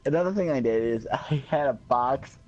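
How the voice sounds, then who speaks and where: A man's voice: mid-range voice, normal speed, a little mellow, dull audio, faint music behind. A man streaming a game, chatting casually and telling goofy, joking stories. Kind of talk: casual gaming stream chat.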